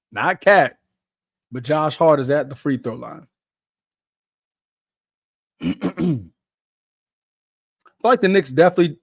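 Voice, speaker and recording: Lively slangy young man, dry close sound. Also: a little high, no echo. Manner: laid-back slangy chatter, laughs often. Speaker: podcast host doing a live watch-along. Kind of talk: casual live game reaction.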